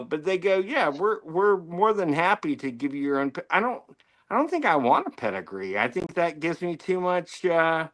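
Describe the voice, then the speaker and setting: An American podcast co-host with a high-pitched, slightly bright voice chats in casual banter. He rambles, mocks himself and swears plenty.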